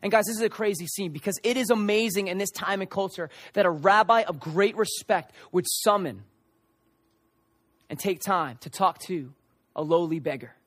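High-voiced, impassioned young male preacher. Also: moderate pace, fairly bright tone, no echo. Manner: impassioned, acts out voices of people in the story. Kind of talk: sermon.

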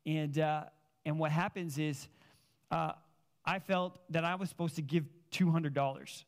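Animated storytelling pastor, man. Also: a little high, a little slow, gravelly. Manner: animated storytelling, casual filler words. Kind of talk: sermon with personal stories.

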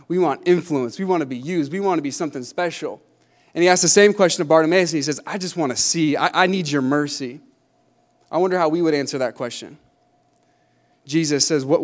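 A young man preaching a sermon, animated and emphatic, building to loud climaxes. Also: a little high, fast. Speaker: pastor.

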